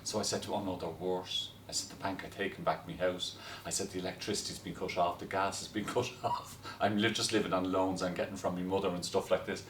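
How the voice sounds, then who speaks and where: A man tells a story in a lively, chatty way, with a lowish voice. He sounds a little distant from the mic in a roomy, echoey space with faint background noise. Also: quick pace, few pauses. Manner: lively storyteller, breaks into laughter. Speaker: guest telling stories. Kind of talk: casual anecdote.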